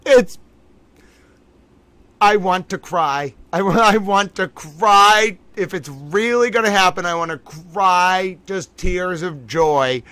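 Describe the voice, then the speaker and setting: Animated, excitable man reacting live. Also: sits high, smooth, no room sound. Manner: exclaiming, thinking aloud, laughing. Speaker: livestream host.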